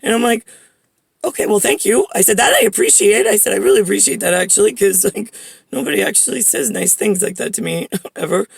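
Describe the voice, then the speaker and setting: A woman's voice: mid-range voice, a little fast, creaky, darkish tone, slightly rough, no echo. A woman telling a long personal story in a rambling way, full of "like" fillers and blunt swearing. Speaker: vlogger.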